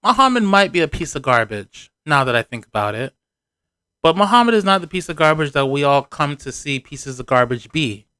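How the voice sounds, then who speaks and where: A man giving sarcastic, animated commentary on a reality TV show in a casual vlog, with punchy emphasis on his points. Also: fairly high pitch, brisk, clean tone, dry recording, studio quality.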